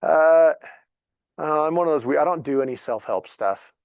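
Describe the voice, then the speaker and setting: A man in his thirties tells stories to a group in a relaxed, animated way, often acting out what others said. His voice sits a little high for a man. The sound is dry and close, with no room echo. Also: moderate pace, clean tone, highs cut off. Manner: animated, chatty, acts out dialogue. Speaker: real estate agent. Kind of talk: casual storytelling talk to a group.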